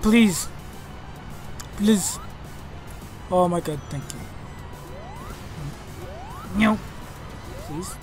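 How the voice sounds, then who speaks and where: Young man, excitable let's play commentary, exclaims and swears a lot, game music behind. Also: sits high, drawn-out words, long pauses.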